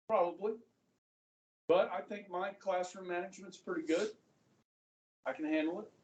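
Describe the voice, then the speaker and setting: A high school government teacher in his fifties lecturing a class in a chatty way, often checking in with the students. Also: darkish tone, highs cut off. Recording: echoey classroom from far off.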